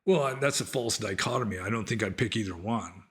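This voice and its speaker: In a relaxed Q&A, a middle-aged man who used to be a monk takes listener questions, his fairly low, fairly bright voice moving a little fast. His answers wander, chatty and full of filler words.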